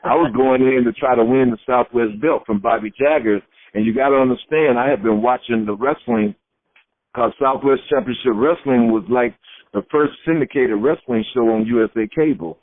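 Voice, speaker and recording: Middle-aged man, Florida-raised, retired wrestler, animated storyteller; tinny, dry phone-quality audio. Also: medium pitch, normal speed, dry recording. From Florida, USA. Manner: lively storyteller who acts out quoted voices. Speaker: retired pro wrestler, interview guest. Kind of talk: storytelling shoot interview.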